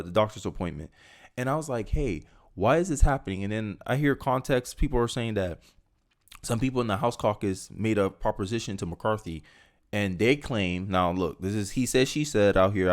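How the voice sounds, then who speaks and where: A young man with a fairly low voice reads news lines aloud, then breaks off into animated, conversational commentary. He slips now and then into mocking voices while he riffs. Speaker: political commentary host. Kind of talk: casual political commentary, reading news aloud and reacting.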